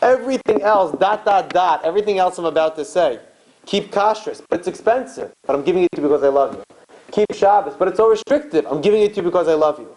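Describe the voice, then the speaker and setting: A rabbi giving an animated Torah lecture to a live audience in a synagogue, repeating phrases and asking rhetorical questions. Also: male voice, high-pitched, fast talker, poor audio. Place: synagogue hall.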